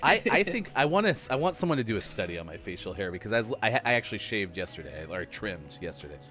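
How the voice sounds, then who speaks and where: A man's voice: on the low side, sing-song, fast talker, a bit bright. A middle-aged man hosting a morning radio show, chatting casually and joking while reading out facts. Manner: chatty, jokey, reads facts aloud.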